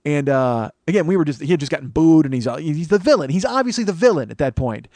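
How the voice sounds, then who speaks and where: A man in his forties tells a story in a quick, high-pitched voice. He is animated and profane, and he jumps into the voices of the people he describes. The sound is dry and close to the mic, as on a podcast. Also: dry recording. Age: 40s. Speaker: comedy podcast host. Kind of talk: comic storytelling monologue.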